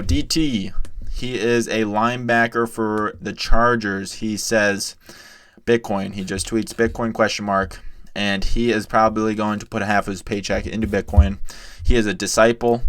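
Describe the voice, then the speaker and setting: A man's voice: lowish voice, little pitch movement, normal speed, fairly bright tone. A young man from the United States giving casual crypto news commentary to his viewers, rambling and chatty. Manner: rambling and chatty, often addresses viewers as guys.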